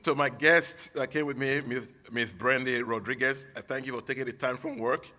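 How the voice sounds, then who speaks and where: A man in his forties with a Texan accent, a teacher giving a heartfelt, somewhat halting acceptance speech at a dinner. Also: mid-range voice, fairly even intonation, pushed and bright. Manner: heartfelt, halting, with fillers and restarts. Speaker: award-receiving teacher. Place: banquet hall.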